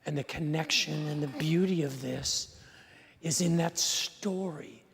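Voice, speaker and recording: A man's voice: a little high, unhurried, vocal fry, fairly bright tone. A middle-aged man preaching a sermon as a pastor. He tells stories in a conversational way, asks the audience questions and slips in dry humor. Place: church sanctuary. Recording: long hall reverb.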